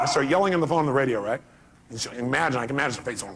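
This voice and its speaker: A man's voice: a little high, fast talker, fairly bright tone. A man giving a motivational seminar talk, emphatic and full of rhetorical questions, acting out little dialogues. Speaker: motivational speaker.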